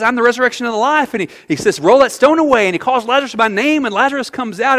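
A man preaching a sermon as pastor, animated, swinging from quiet asides to loud outbursts. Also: sits high. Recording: long hall reverb.

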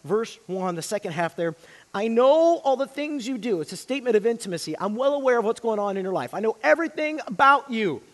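A man preaching a sermon, swinging between loud emphasis and hushed, quiet lines. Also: high-pitched, big pitch swings, fairly quick, long reverb tail. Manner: dynamic delivery, swinging from loud emphasis to hushed near-whispers. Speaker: pastor.

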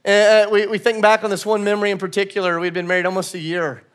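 A man's voice: high voice, flat delivery, fast, a bit bright, clear, resonant tone. A man preaching a sermon, telling a funny personal story and then rising into a passionate, repeated refrain. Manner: storytelling with humor, building to an impassioned repeated refrain. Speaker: pastor.

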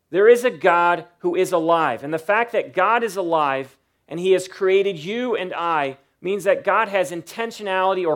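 A man preaching a sermon to his church, emphatic and slowing down to stress key points. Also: high voice. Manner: emphatic preaching, varies loudness and slows for emphasis. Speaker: pastor.

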